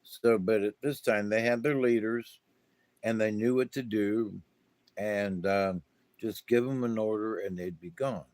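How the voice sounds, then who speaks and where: Man, middle-aged, rambling monologue, unhurried, dry room, lots of ums. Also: on the low side, fairly even intonation, darkish tone, no room sound. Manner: slow, meandering, many fillers and restarts. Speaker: spiritual talk host.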